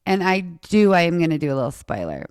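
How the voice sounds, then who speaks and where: Animated, sarcastic woman telling a story. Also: on the low side, fast talker, clear, resonant tone, no room sound, clean studio sound. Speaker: podcast host. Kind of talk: casual chat.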